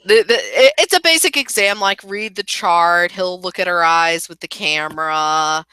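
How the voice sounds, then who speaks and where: A woman running a tabletop role-playing game, narrating in a relaxed way. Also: fairly low pitch, moderate pace, clean tone, dry recording. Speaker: game master.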